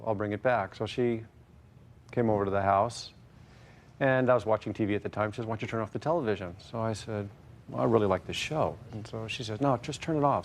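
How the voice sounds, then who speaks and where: Halting man testifying in court. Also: on the low side. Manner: hesitant, halting, many fillers. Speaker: plaintiff.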